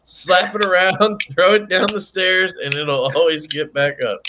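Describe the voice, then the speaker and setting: A man's voice: sits high, steady tone, measured pace, background noise. A man hosting a casual chat, joking crudely and talking with lots of energy. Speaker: host.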